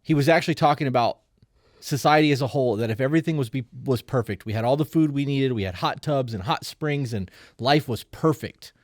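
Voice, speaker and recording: A man's voice: medium pitch, brisk, no room sound, studio quality. Man guest explaining ideas at length. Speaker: podcast guest. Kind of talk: casual podcast chat.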